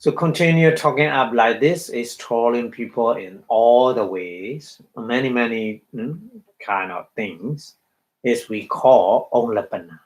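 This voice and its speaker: A man with a Burmese accent giving a Buddhist dharma talk, halting and full of fillers, acting out little quotes as he explains. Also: medium pitch, low-quality recording. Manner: halting, many fillers, acts out quotes with laughter. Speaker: Buddhist monk teacher.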